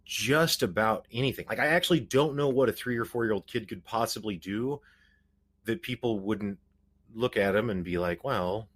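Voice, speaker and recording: Rambling low-voiced man. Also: moderate pace. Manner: rambling, hesitant, many restarts and "like". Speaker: podcast host. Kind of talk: casual conversation.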